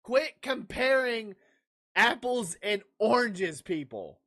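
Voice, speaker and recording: A man's voice: high voice, animated, slow, sharp tone. A brash man hosting a sports podcast live, firing off dismissive outbursts at his chat. He rants in a jokey, loose way between team picks. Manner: jokey, laughs at own lines. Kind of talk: livestreamed sports talk, answering chat.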